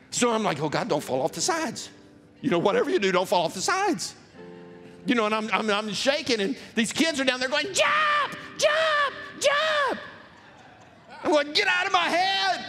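A man preaching with a high, lively voice that swings widely in pitch. He tells his story in an animated way and breaks into shouts. The sound has the long ring of a church hall, with soft music behind. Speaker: pastor. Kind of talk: sermon with storytelling.

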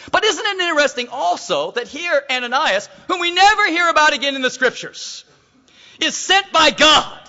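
Animated high-voiced preacher in a hall. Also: male voice, dull audio. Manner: animated storytelling preacher, acts out voices, calls out to the crowd. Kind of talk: sermon.

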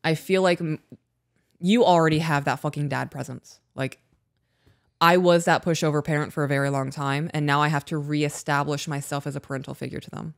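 A woman's voice: low voice, steady tone, brisk, vocal fry, no echo, studio quality. A woman co-hosting a podcast in casual chat, frank and swearing freely as she tells stories. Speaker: podcast co-host.

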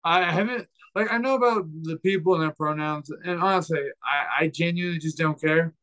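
Male fighter, podcast guest: slightly high voice, measured and searching for words. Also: fairly bright tone, poor audio. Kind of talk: casual podcast conversation.

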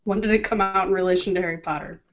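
A woman's voice: medium pitch, fairly even intonation, rapid-fire, highs cut off. A woman with a Midwestern accent co-hosting a live podcast, giggly and self-deprecating. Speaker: podcast co-host. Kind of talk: casual live podcast chat.

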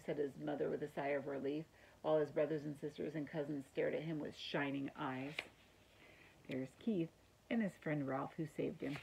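Woman teacher reading a kids' novel aloud, deep and creaky, friendly. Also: fairly even intonation, normal speed, dark tone, poor audio. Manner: friendly, explains words. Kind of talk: read-aloud storytelling.

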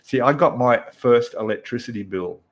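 A man's voice: mid-range voice, moderate pace. A man with an Australian accent hosting a casual live stream from his apartment, greeting viewers by name and chatting with plenty of fillers. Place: apartment room indoors.

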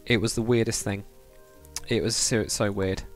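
A man's voice: fairly low pitch, steady tone, unhurried, faint music behind. A man chatting casually with viewers during a game livestream, rambling and laughing often. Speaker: streamer. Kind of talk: casual livestream chat while building in a game.

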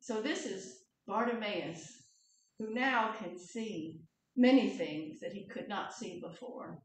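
A woman pastor telling a story in a relaxed, conversational sermon. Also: medium pitch, takes it slowly, slight background noise. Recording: echoey church hall from far off.

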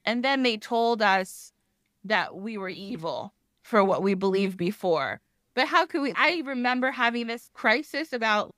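Lively, rambling woman podcast guest. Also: on the high side, no echo, clean studio sound. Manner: animated, rambling, laughs often, acts out quotes. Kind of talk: casual chat.

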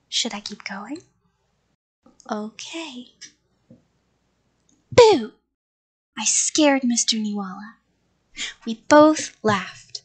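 Breathy, slow woman reading a spooky storybook. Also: on the high side, low-quality recording. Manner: hushed, slipping into whispers; chats with listeners between parts.

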